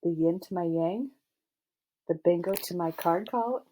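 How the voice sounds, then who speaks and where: Woman narrator reading a first-person story aloud, wry and self-mocking, low warm voice. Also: a little slow, a little hiss or hum. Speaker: audiobook narrator.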